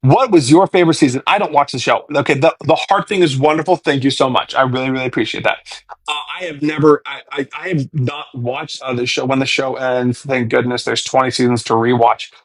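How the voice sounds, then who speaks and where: A man's voice: mid-range voice, steady tone, a little fast, fairly bright tone, slightly rough, no room sound. A man in his twenties answering viewer questions on a casual livestream, chatty and thanking viewers as he reads comments. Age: 20s.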